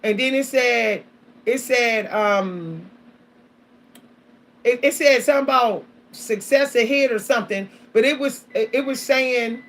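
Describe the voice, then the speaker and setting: A woman vlogger tells her audience about her week in a loose, animated chat. She repeats herself, keeps calling out to her viewers and breaks into laughter as she goes. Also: fairly high pitch, unhurried. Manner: animated, repetitive, addresses viewers as y'all, laughs often. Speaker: spiritual vlogger.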